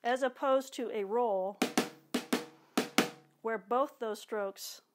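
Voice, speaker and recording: A woman's voice: on the high side, takes it slowly, loud music behind the voice. A woman drum teacher patiently explaining a technique, now and then vocalizing drum strokes. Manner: clear, patient explaining with spoken drum sounds. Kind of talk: instructional demonstration. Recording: loud drumming behind the voice. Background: drums.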